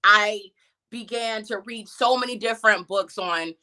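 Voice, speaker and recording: A woman's voice: mid-range voice, a little slow, sharp tone. A woman speaking as a featured guest on a live stream, giving a conversational and emphatic motivational talk full of rhetorical questions.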